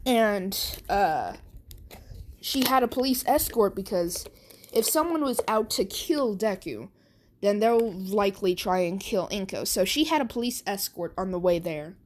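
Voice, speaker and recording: A woman tells a fan story in a casual, rambling way, leaning on fillers and restarting her sentences. She talks at a slow, unhurried pace in a mid-range voice. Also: mid-range voice, lively intonation, slight background noise.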